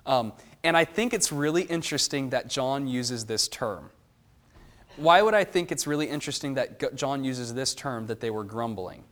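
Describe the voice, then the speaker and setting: A man leading a Bible study, explaining verses and asking the group questions in an animated way. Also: medium pitch, moderate pace. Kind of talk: teaching a Bible class.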